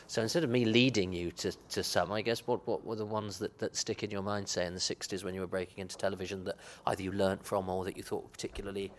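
A man's voice: sits low, little pitch movement, quick pace, hardly any pauses, slight background noise. A man hosting a podcast interview, asking long questions with many restarts. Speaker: podcast host.

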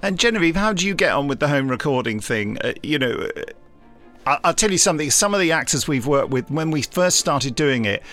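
A male podcast host with a medium-pitched voice that rises and falls a great deal as he tells stories. He leads the conversation in a relaxed, casual way, with faint music underneath. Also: brisk. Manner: lively storyteller, leading the questions. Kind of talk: casual chat.

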